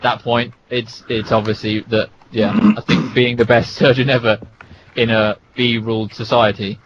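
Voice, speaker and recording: A man's voice: mid-range voice, flat delivery, normal speed. Male podcast co-host, easygoing and joking, dull lo-fi recording. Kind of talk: casual podcast chat. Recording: dull lo-fi sound with faint hiss.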